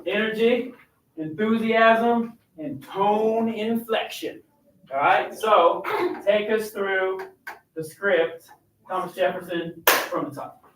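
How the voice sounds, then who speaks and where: A man's voice: sits high, takes it slowly, background noise. A male teacher leading his class through a role-play lesson, directing and coaching the students. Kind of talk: classroom instruction. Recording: echoey classroom, mic far off.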